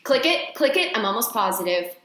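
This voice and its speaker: A woman co-hosting a casual podcast, chatting with an animated, swooping pitch. She swears freely and drifts from one tangent to the next. The room is echoey and roomy. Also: brisk. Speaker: podcast co-host. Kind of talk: casual chat.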